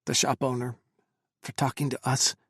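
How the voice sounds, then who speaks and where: A man voicing a shaken intelligence officer who speaks in a hushed croak. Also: medium pitch, flat delivery, moderate pace, no echo, clean studio sound. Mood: grim.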